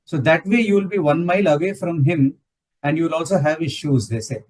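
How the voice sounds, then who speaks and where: Husky man explaining from a distance. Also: fairly high pitch, a little fast, darkish tone. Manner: explanatory, ends points with "right?". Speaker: satsang speaker. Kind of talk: conversational spiritual talk.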